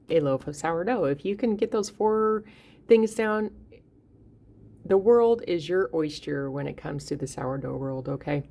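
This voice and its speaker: Woman, low gravelly voice, chatty home-baking host who talks straight to viewers. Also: a little mellow. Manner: chatty, encouraging, addresses viewers directly. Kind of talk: casual cooking vlog talk.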